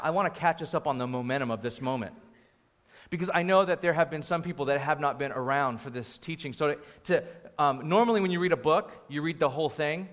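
A young adult man preaching a conversational, storytelling sermon in a lively, informal way, with a sore throat. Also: fairly high pitch. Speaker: pastor. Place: church venue. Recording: long hall reverb.

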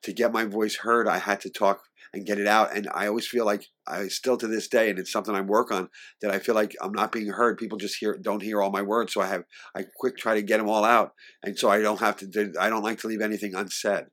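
Fast-talking man telling family stories. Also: on the low side. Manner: fast, animated talker. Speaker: interview guest. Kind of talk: casual storytelling interview.

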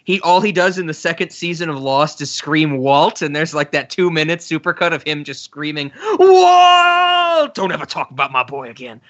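A man co-hosts a podcast in relaxed, excitable chat and laughs often. His voice is bright and forceful, set a little high. The sound is slightly dull and lo-fi. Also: fairly quick. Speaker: podcast co-host. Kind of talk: casual chat.

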